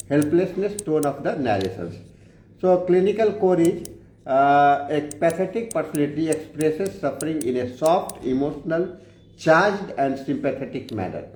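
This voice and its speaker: A male lecturer explains homeopathic remedies in a halting way, full of fillers and broken-off words. His voice sits a bit high and has a mellow, soft tone. The sound is roomy and echoey. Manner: halting, frequent fillers and restarts. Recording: echoey room.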